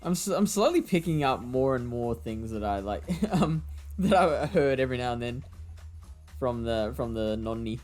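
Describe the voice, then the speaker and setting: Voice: medium pitch, lively intonation, moderate pace, darkish tone, faint music behind. A stream host chatting casually, laughing often and talking with a lot of fillers. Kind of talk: casual chat on a game stream.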